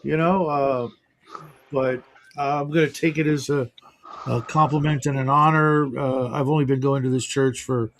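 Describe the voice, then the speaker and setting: A man's voice: medium pitch, fairly even intonation, normal speed, a little hiss or hum. A man hosting a casual morning livestream chat, rambling and self-deprecating with lots of fillers. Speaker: livestream host.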